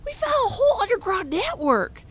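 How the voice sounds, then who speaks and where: A woman voicing a gruff, half-deaf male tunnel digger who shouts and cusses. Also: very high voice, sing-song, brisk, voice pushed up. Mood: shouting. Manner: shouts, rough and cussing.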